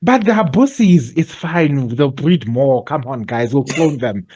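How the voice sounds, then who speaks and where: A man's voice: mid-range voice, unhurried, breathy edge. A man, co-hosting a podcast in casual chat, joking and acting out scenes. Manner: joking and animated, fond of playing out scenes. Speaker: podcast co-host.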